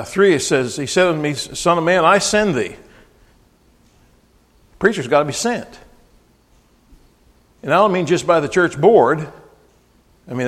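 Male preacher, folksy and emphatic, slightly high voice, recorded in a reverberant hall. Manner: emphatic, rises to near-shouting on scripture; folksy, with frequent restarts and asides. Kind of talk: sermon.

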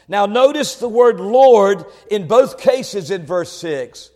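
A male preacher delivering a sermon, swinging between quiet, conversational asides and loud, shouted proclamations. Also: sits high, sing-song, slow pace, hardly any pauses, in a large hall.

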